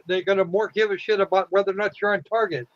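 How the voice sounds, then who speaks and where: High-pitched guy cracking blunt jokes, dry muffled sound. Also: steady tone, quick pace. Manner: blunt, wisecracking remarks. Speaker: veteran panelist. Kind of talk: casual chat.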